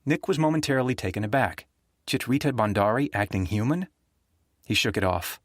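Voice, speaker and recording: A man narrating a thriller audiobook in a steady, even storytelling manner. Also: mid-range voice, a little fast, no room sound, clean studio sound.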